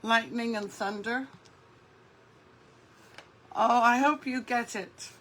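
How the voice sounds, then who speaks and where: A woman's voice: on the high side, steady tone, slow pace, a bit bright, low-quality recording. A woman hosting a casual craft livestream, chatting and greeting viewers by name as she works. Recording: faint background noise.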